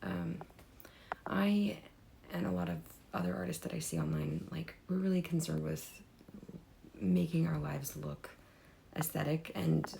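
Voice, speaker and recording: A young woman talks to camera in a hoarse, badly worn voice, her low tone cracking into heavy fry and sometimes fading to a whisper. She rambles loosely with many fillers, over a faint hiss of background noise. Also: lively intonation, a little slow, pauses often, warm tone. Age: young adult. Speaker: artist vlogger. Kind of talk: unscripted talk to camera.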